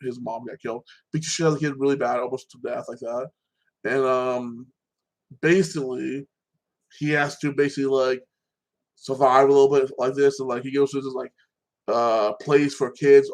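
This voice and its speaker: A man of ordinary middle pitch chats on his own channel, walking through a movie's story. His telling rambles, stacks up fillers and restarts, and he swears freely as he goes. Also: a little mellow, low-quality recording. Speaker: vlogger. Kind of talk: casual movie recap monologue.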